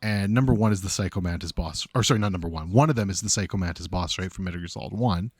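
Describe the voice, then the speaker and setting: A man co-hosting a podcast in casual chat, excitable and profane, often stumbling over his first words. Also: deep voice, fast talker, husky, no echo, studio quality. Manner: excitable, profane, stammering restarts. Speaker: podcast co-host.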